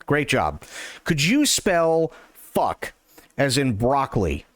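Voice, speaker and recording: Dude doing a polite grocery clerk getting fed up in a joke, mid-pitch, dry sound. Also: male voice, wildly swooping pitch, slow pace, dry recording. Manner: politely exasperated. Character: patient male grocery clerk, adult. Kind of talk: joke telling.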